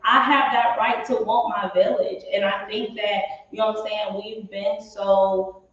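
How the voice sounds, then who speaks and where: A woman's voice: medium pitch, level tone, a little slow. A woman in her late twenties talking candidly and emphatically in a casual chat, often saying "you know what I'm saying". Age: late 20s. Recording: echoey room, distant lo-fi mic.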